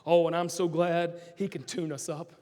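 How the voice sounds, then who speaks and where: A middle-aged man, preaching a sermon with passion, swinging from loud, shouted lines down to hushed ones. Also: level tone, normal speed. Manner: impassioned, rising to shouts then dropping low. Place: large church sanctuary. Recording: long hall reverb.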